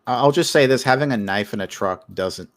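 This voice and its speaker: A man's voice: medium pitch, a little fast, no echo, studio quality. A man hosting a livestream, chatting casually and teasing his co-host in a rambling, sarcastic way. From Brooklyn, New York. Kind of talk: casual commentary chat.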